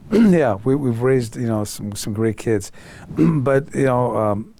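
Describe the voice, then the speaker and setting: A man's voice: medium pitch, slow pace, gravelly, slight background noise. An older man, a guest in an interview, telling stories animatedly and acting out other people's voices. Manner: animated, acts out quoted voices. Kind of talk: storytelling interview.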